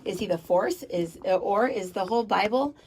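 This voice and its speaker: A woman's voice: mid-range voice, moderate pace, background noise. A woman radio host talking in a casual, rambling way about spirituality, with many fillers and asides.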